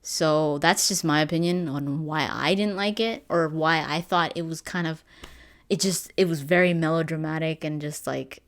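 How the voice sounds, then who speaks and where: A woman's voice: low voice, moderate pace. A woman in her twenties chatting casually about a game she just finished, rambling with fillers and restarts. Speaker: gaming vlogger. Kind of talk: casual game review chat.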